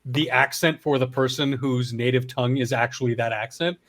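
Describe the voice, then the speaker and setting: Man from Canada, podcast host, casual rambling chat, cursing, restarts, average pitch. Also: fairly even intonation, fairly quick, fairly bright tone. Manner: rambling, swearing, frequent restarts.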